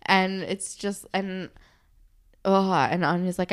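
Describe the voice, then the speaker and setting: A woman's voice: medium pitch, fairly even intonation, takes it slowly, clean tone. A young woman co-hosting a casual chat, giving blunt, opinionated takes on a TV episode. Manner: opinionated, swears casually, laughs. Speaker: podcast co-host.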